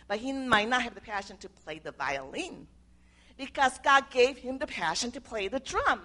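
Older woman with a gravelly, earnest voice. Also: medium pitch, fairly bright tone. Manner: earnest, homely, with simple grammar slips and restarts. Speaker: speaker sharing a devotional talk. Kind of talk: informal sermon.

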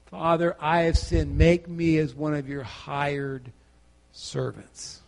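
A man's voice: sits high, animated. A preacher voicing a humbled young man. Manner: pleading, halting, repeats himself. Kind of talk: acted quote in a sermon.

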